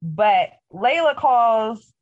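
A woman co-hosting a casual recap podcast, retelling a TV episode in an animated, profane way. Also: a little high, extremely slow. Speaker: podcast co-host. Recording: dull lo-fi audio.

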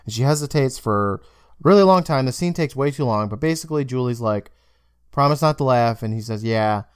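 His mid-range voice is clear and resonant, and he talks a little fast. As a young podcast co-host, he recaps a TV episode casually, storytelling with energy and acting out characters' lines. Clean studio sound with no echo.

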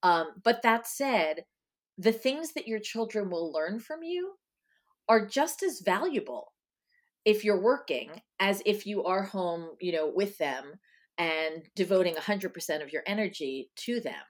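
A woman's voice: medium pitch, animated, measured pace. A middle-aged woman from Long Island, a guest in a casual interview, chatting with lots of ums and you-knows. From Long Island, New York. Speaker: guest, author.

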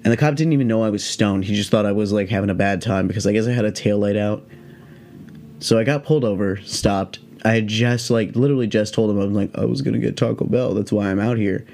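Laid-back, low-voiced young man rambling. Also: quick pace, darkish tone. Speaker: podcast host. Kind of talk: casual storytelling monologue.

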